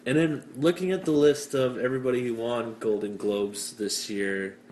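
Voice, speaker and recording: A man's voice: medium pitch, steady tone, normal speed, darkish tone. A young man from Canada hosting a casual podcast chat, cynical and self-deprecating, rambling with fillers. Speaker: podcast host. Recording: echoey room, faint hiss.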